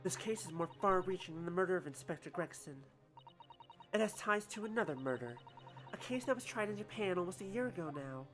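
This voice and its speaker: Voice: medium pitch, expressive, fairly quick, lightly acted. A streamer voicing an earnest young defense lawyer. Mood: determined. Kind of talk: voicing game characters on a livestream.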